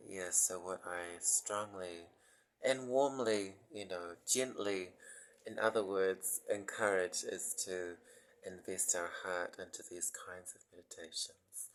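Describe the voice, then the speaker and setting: A man speaks in a lowish, soft voice, giving a gentle spiritual talk about mantra meditation. He moves very slowly, pausing often and filling gaps with ums. His tone stays apologetic and unhurried throughout. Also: poor audio. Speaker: meditation teacher.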